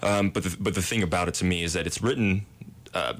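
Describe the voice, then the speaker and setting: A man's voice: sits low, fast, fairly bright tone. A young man, a residence hall director, answering interview questions in a modest, self-deprecating way with easy laughs.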